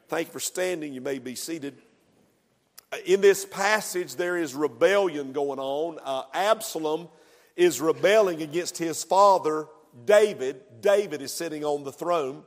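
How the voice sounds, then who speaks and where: A man preaching a sermon as pastor, building to loud, emphatic passages. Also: on the high side, lively intonation, normal speed. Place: church sanctuary. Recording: long echoing reverb of a church hall.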